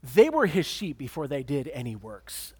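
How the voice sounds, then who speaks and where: A man's voice: wildly swooping pitch, normal speed, darkish tone, husky. A man preaching a sermon, reading scripture aloud and pressing his points with emphatic repetition. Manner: emphatic preaching with repeated words and sudden pitch swings. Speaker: pastor.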